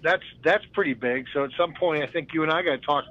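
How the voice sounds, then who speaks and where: A male caller phones in to a talk show and talks in a relaxed, friendly way, pausing on "uh" as he goes. His voice sits a bit high, and it comes through a muffled, lo-fi line. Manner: laid-back, friendly, hesitant with fillers. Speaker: call-in guest. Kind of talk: casual phone-in chat.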